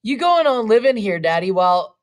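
Woman reader as a soft-spoken, teary young daughter. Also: mid-range voice, sing-song, brisk, lightly acted. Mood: pleading. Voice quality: trembling, soft. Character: tearful young daughter, gentle and pleading.

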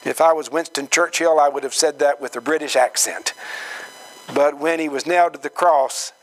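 A man preaching a sermon, slow and emphatic, acting out quoted voices with dramatic swings in pitch. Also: fairly even intonation, rough recording. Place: church gathering hall.

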